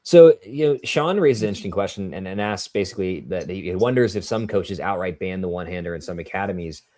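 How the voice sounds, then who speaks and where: A man's voice: sits low, animated, fast talker, warm tone, dry recording, studio quality. A man co-hosting a live tennis watchalong, mixing jokey asides with casual play-by-play. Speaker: watchalong co-host and commentator.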